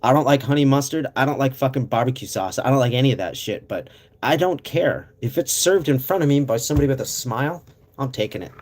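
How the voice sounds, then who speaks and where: A man's voice: mid-range voice, animated, quick pace, a little mellow. Male streamer, casual chat, swearing a lot, rambling, coughing now and then, mid-range voice. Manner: profane, rambling, reads chat aloud.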